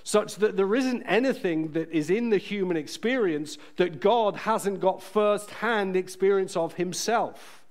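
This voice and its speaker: A man preaching a sermon in a church, earnest and emphatic, slowing down to stress key phrases. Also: high voice.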